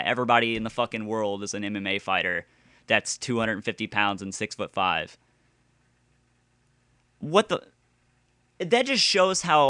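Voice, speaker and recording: Angry man ranting, voice smooth and dry. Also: fairly low pitch, no echo. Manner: exasperated, with sudden loud outbursts. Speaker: gaming video ranter. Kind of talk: profane angry rant.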